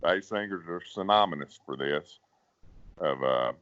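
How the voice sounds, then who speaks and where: A man who sings bass, talking folksy and casual in an interview, often repeating words. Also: animated, a little slow, a bit bright, dry recording. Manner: folksy, repeats words, drops to a growl to demonstrate. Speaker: professional bass singer, guest. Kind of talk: casual interview, giving singing advice. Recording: dull, dry sound.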